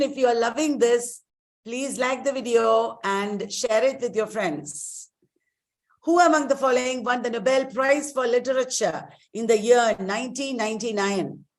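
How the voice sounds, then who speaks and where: A middle-aged woman runs an exam-prep lecture in a slightly high voice. She is emphatic and repeats key terms slowly so they stick. Her tone is that of a teacher drilling a class.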